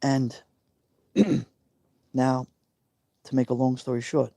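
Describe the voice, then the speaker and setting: A man's voice: medium pitch, steady tone, slow pace, creaky, mellow, no echo. A man, telling a personal story on a live stream in an emotional, confiding way, repeating himself for emphasis. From New York. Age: 50s.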